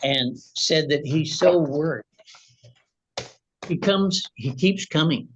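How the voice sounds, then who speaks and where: A man's voice: a little high, slow pace, slightly rough, dull audio. A man speaking as a litigant in a courtroom, telling his side of the story in a rambling, agitated way full of restarts. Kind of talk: testimony in a courtroom.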